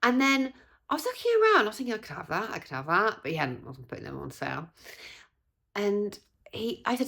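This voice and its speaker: A woman's voice: medium pitch, fairly quick, vocal fry. A young woman from England telling a story in a chatty vlog, acting out what people said. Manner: chatty, animated, acts out quoted voices. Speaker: vlogger. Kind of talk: casual storytelling.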